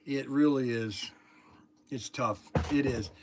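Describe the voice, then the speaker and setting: A man hosting his channel from a workshop, chatting and telling stories excitedly with lots of exclamations and restarts. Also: mid-range voice, slow pace, over music. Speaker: channel host. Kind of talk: casual chat in the shop, partly on the phone.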